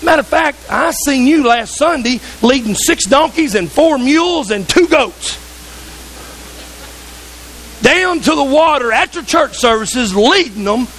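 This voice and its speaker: A calm teacher's rebuke, plain and pointed, as a preacher speaks it in a very high male voice. A faint hiss runs underneath. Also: measured pace, heavily acted, rough recording. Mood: rebuking.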